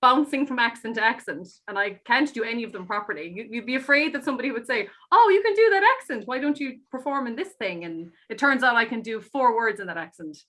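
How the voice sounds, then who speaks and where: A woman with an Irish accent chatting as an interview guest, telling animated stories. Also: on the high side. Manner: fast, animated storytelling, slips into mock accents. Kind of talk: casual interview chat.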